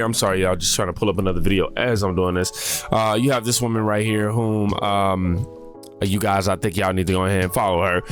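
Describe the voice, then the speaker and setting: A man hosting a reaction channel, chatting casually with slang, fillers and asides as he comments on clips. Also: lowish voice.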